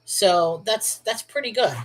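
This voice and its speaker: A woman's voice: mid-range voice, unhurried, a bit bright, a little hiss or hum, rough recording. A congested woman hosting a Bible reading show, reading scripture and then musing aloud about it in an earnest, questioning way. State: congested, stuffy-nosed. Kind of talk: scripture reading with casual commentary.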